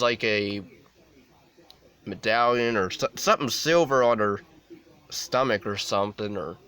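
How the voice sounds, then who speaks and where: A young adult man talks through a film review in a casual, rambling way, full of restarts and "like" fillers. His voice sits low but sounds bright and forceful, with a smooth, crisp clarity. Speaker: movie reviewer.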